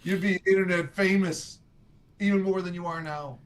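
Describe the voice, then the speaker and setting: A man's voice: high voice, steady tone, moderate pace, clean tone. A man co-hosting a live show, chatting in a laid-back, joking way. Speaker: podcast co-host. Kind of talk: casual chat.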